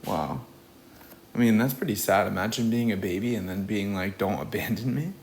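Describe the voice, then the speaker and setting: A young man teaching Spanish reads a storybook aloud and explains it in English, alternating between the two slowly and patiently. His voice sits on the low side and is a little mellow, with slight background noise.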